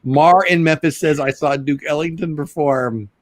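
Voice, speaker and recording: A middle-aged man hosting a casual livestream chat, joking and rambling with quick asides. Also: a little high, dry recording. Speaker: livestream host.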